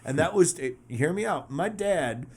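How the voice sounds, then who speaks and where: A man hosting a casual podcast, telling stories in an animated, profane way. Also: a little high, moderate pace, husky. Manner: animated, swearing storyteller. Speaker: podcast host.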